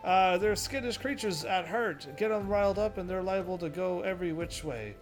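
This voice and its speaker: A man's voice: high voice, moderate pace, soft background music, voice pushed up, natural voice. A man voicing a folksy male chocobo handler who drawls out homespun advice while reading game dialogue aloud. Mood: drawling.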